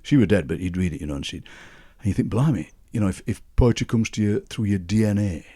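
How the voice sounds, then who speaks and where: A man's voice: lowish voice, lively intonation, fast, dark tone. A man in his sixties with a Barnsley Yorkshire accent, a guest poet telling chatty anecdotes and chuckling through his stories. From Yorkshire, England. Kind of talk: anecdotal conversational storytelling.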